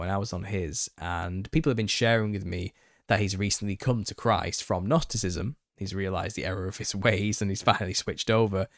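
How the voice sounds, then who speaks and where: A man hosting a live Q&A stream, opinionated and quick to get worked up, laughing as he rants. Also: on the low side, dry recording, studio quality. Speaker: channel host. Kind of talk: live Q&A monologue.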